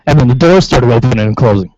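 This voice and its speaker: Profane rambling Western New York storyteller. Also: male voice, medium pitch, animated, fast, a little mellow, no room sound, lo-fi sound. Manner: rambling, profane, laughing anecdotes. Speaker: show regular. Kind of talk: casual banter.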